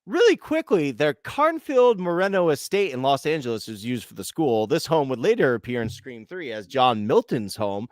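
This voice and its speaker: Male co-host for a film commentary track, relaxed and chatty, mid-range voice, dry close sound. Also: medium pitch, moderate pace, hardly any pauses, no echo. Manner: chatty, laughing, hesitant with fillers. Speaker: podcast co-host.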